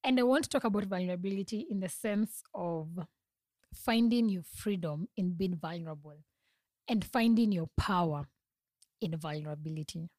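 On her reflective solo podcast, a young woman speaks at a moderate pace in a fairly low, darkish voice, and the recording is dry. Her tone is earnest and confiding, and she frequently laughs and starts sentences over.

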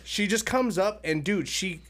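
A slightly high-voiced young man spins a loose, animated anecdote, slipping into little character voices whenever he quotes someone. His talk is casual and conversational, full of fillers and asides. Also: measured pace, slight background noise. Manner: animated storyteller, acts out quotes in shifting voices. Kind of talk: casual storytelling chat.

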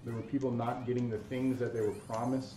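A man hosting a casual gaming talk, explaining things in a relaxed way with lots of fillers. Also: medium pitch, fast talker. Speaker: podcast co-host reviewing a game. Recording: roomy room sound, mic at a distance.

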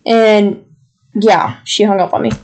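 A woman's voice: medium pitch, moderate pace. Exasperated young woman telling a story. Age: young adult. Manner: exasperated, animated retelling with mimicked quotes. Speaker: podcast co-host. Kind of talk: casual storytelling chat.

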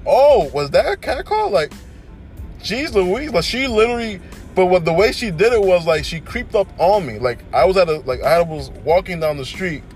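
A young man talks through his own solo podcast. His voice sits a little high for a man, and his storytelling is animated and conversational. Faint music plays underneath. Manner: animated storytelling, frequent "you know what I'm saying". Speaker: podcast host. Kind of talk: casual solo podcast monologue.

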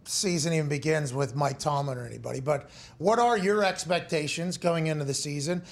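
Sports show host guy, high pitched, goes on a bit before asking stuff. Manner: energetic, rambling questions. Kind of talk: sports talk show interview.

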